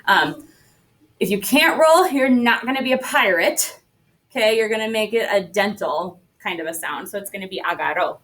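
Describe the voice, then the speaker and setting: A woman's voice: mid-range voice, lively intonation, moderate pace, a bit bright, recorded from a distance, rough recording. A woman teaching a Spanish class, upbeat and coaxing as she leads the students through repetition drills. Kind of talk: classroom lesson.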